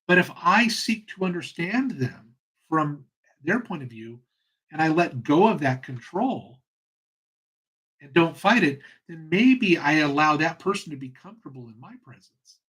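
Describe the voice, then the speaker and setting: Earnest man with a husky voice. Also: on the high side, lively intonation, fairly bright tone, low-quality recording. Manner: earnest, passionate, pauses and restarts. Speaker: host. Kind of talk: reflective solo talk.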